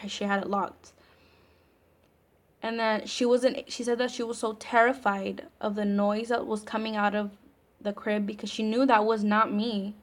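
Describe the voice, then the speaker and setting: A young woman vlogger telling a scary story in a chatty, casual way, full of fillers and the odd swear word. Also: mid-range voice.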